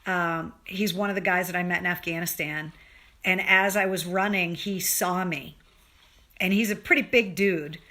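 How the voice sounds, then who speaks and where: Bright-voiced woman hosting an emotional livestream. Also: fairly low pitch, fairly even intonation, moderate pace. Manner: earnest, emotional, swears freely, rambling restarts. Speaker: livestream show host. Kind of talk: casual livestream talk to viewers.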